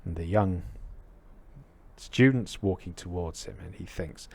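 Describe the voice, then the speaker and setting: A deep-voiced man gives a reflective dharma talk, his tone low and husky. He pauses often and searches for words, circling back as he thinks aloud. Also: darkish tone. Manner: reflective, hesitant with many fillers. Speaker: Buddhist teacher.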